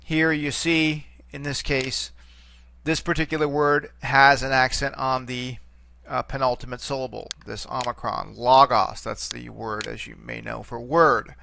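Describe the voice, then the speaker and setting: Guy lecturing a class, gravelly voice, bright, explains stuff at the board. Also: mid-range voice, flat delivery, measured pace. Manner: explanatory, pointing at a board, many fillers. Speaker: teacher. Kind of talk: recorded lecture.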